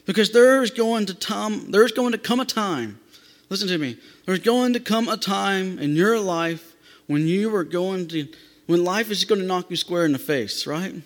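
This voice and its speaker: A man's voice: high voice, moderate pace. A man preaching a sermon as a pastor to his church, emphatic and repeating phrases for stress. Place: church sanctuary. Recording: long hall reverb.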